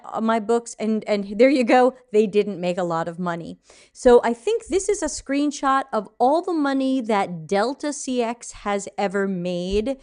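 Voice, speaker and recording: A chatty woman hosting a live stream, her voice sitting a little high. She talks casually and laughs at herself now and then. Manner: chatty, self-deprecating, laughs often. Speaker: podcast host and author.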